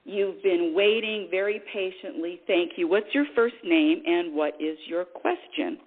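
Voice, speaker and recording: A woman's voice: fairly low pitch, a little slow. Spiritual radio host woman on a tinny line. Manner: animated, preachy, acts out quoted voices. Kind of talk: spiritual talk radio monologue.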